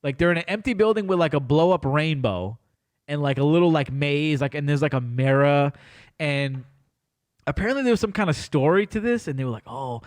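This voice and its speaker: A young man with a slightly higher voice hosts a loose podcast conversation. He tells stories with animated, exaggerated energy and swears freely. His rants are mock-serious. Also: brisk. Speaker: podcast host. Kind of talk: casual chat.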